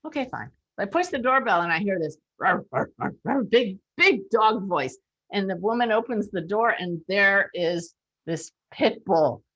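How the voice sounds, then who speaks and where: Woman medium, lively storyteller, mid-pitched. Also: unhurried, highs cut off. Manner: animated, lively storyteller with big pitch jumps. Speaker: psychic medium. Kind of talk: storytelling talk.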